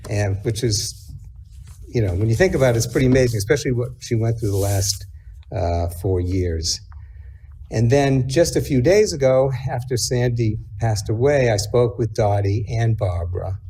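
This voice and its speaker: A middle-aged man speaking at his mother's memorial service, reflective and halting, with many pauses and fillers. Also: mid-range voice, warm tone, slight background noise. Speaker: eulogy speaker, son. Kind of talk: memorial eulogy.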